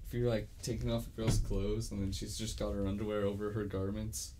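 A man's voice: fairly low pitch, little pitch movement, brisk, warm tone. Crude, joking young man, noisy recording. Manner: crude, joking, filler-heavy. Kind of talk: casual chat.

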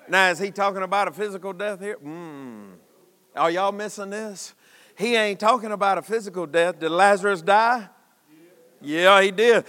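A man preaching a sermon, building to shouted emphasis with long dramatic pauses. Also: high-pitched. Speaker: pastor. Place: church sanctuary. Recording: long reverb of a church hall.

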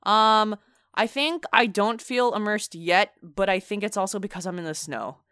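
A woman co-hosting a casual video game chat, talking quickly with lots of fillers and dry sarcasm. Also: mid-range voice, fairly bright tone, clear, resonant tone, no echo. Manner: chatty, filler-heavy, sarcastic. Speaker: video game podcast co-host.

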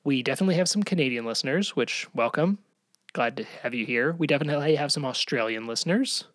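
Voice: medium pitch, animated, quick pace, no room sound, clean studio sound. A podcast co-host in casual chat, talking chattily and laughing often.

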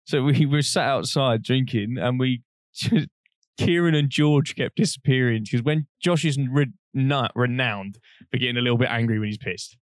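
A man's voice: mid-range voice, normal speed, no echo, studio quality. A young man, co-hosting a podcast and telling a long, rambling story in casual chat, laughing often and swearing freely. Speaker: podcast co-host.

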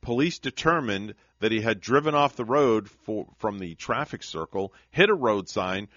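A man's voice: fairly low pitch, animated, moderate pace, a bit bright, no room sound, muffled recording. A man hosting a radio morning show, reading odd news stories aloud and joking with his co-host. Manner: playful, laughs while reading.

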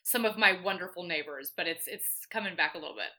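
A woman's voice: fairly low pitch, quick pace, sharp tone. A woman from Georgia with a light Southern accent, chatting enthusiastically as a podcast guest over a remote call. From Atlanta, Georgia. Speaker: guest, brewery events coordinator. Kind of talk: casual podcast chat.

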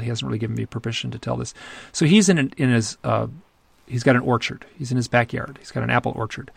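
Gravelly man telling a story. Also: mid-range voice, no echo. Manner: animated, rambling with many restarts. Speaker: podcast guest, author. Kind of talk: conversational storytelling.

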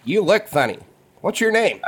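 A man's voice: very animated, moderate pace, a little hiss or hum. A man doing a chirpy little boy. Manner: high, bouncy childlike voice. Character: chirpy small boy, curious and friendly.

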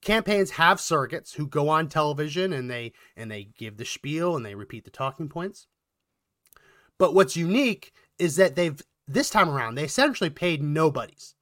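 A man co-hosting a political commentary podcast, talking in a quick, animated way and getting worked up. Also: on the high side, no room sound, studio quality. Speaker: podcast co-host.

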